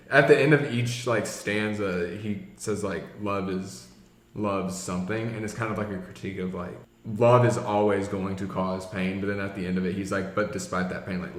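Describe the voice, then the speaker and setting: A young man talks casually and eagerly, circling his points with many fillers. His voice sits fairly low. The room around him rings with echo. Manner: enthusiastic, rambling, many "like" fillers. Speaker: music podcast co-host. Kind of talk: casual chat. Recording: echoey room.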